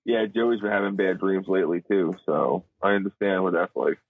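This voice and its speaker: A man's voice: sits low, a little fast, no room sound. A man in his thirties co-hosting a casual podcast, joking and teasing. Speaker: podcast co-host. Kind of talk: casual chat. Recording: tinny phone-like dry sound.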